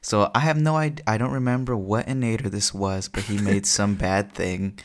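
A young man co-hosting a podcast, telling jokey stories in an animated, casual way. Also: on the low side, normal speed, a little hiss or hum. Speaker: podcast co-host. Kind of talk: casual chat.

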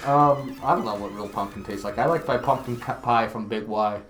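A man from Connecticut co-hosting a podcast in casual comedic chat, animated and playful, with bursts of loud exclamation. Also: medium pitch, fairly quick, echoey room, a little hiss or hum. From Connecticut, USA. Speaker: podcast co-host.

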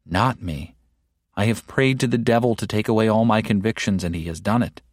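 A man's voice: on the low side, brisk, no room sound, studio quality, lightly acted. A man voicing a despairing woman who protests that she is beyond love, in a pleading, stubborn manner, within a sermon.

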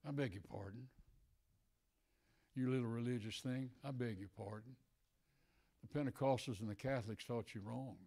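An older male preacher delivering a sermon, swinging between shouted declarations and hushed, tender passages. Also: medium pitch, normal speed, pauses often.

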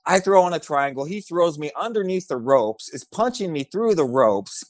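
A man's voice: fairly high pitch, moderate pace, no echo, clean studio sound. A man, a former fighter, telling a story in a casual chat and acting out the voices of the people in it. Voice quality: animated, acts out voices in his stories.

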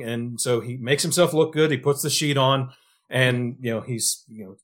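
A man's voice: mid-range voice, fairly even intonation, moderate pace, fairly bright tone. A man co-hosting a podcast, telling a funny story about a film scene and laughing along. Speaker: podcast co-host. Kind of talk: casual film review chat.

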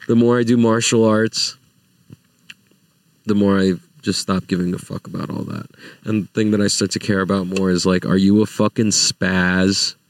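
A young man with a fairly low voice rants into the mic, exasperated and profane, jumping into loud, high outbursts. The sound is dry and close, with no room echo. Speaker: vlogger. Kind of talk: casual rant to camera.

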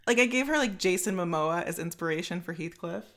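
A young woman co-hosting a casual podcast, her voice a little low and gravelly with vocal fry. She rambles along with lots of fillers and restarts. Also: expressive, brisk, fairly bright tone. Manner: chatty, filler-heavy, frequent restarts. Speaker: podcast co-host. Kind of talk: casual chat.

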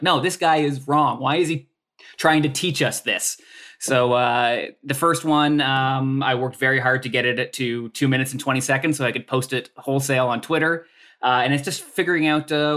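A Canadian man who is a comedian talks in a casual, rambling way, with lots of "um" and "like". His voice sounds bright and clear at an ordinary pitch. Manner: rambling, filler-heavy, self-deprecating. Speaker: comedian guest. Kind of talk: casual podcast chat.

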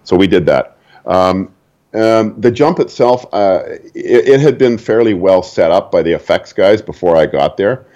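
A man's voice: low-pitched, lively intonation, normal speed, mellow, dull audio. An older man from Canada, a stunt performer, telling stories casually and chuckling at his own anecdotes. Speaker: interview guest, stunt performer.

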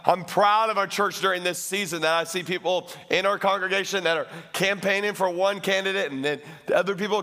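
A man preaching a sermon as pastor, talking straight to his congregation in an energetic, playful way and breaking into loud comic shouts. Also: high voice. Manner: addresses the congregation directly.

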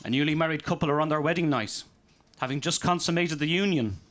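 A man performing a live stand-up set of deadpan one-liners in a comedy venue. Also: on the high side, quick pace.

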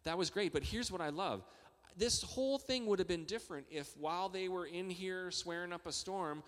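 A man preaching a sermon as pastor, talking in a conversational way that builds to excited emphasis. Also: high voice, normal speed. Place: church hall. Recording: long reverb of a large church hall.

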